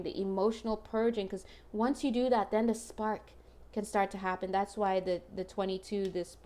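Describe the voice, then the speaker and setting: A woman's voice: medium pitch, darkish tone. Woman, tarot reader, chatty, emotional, casual and talking straight to viewers.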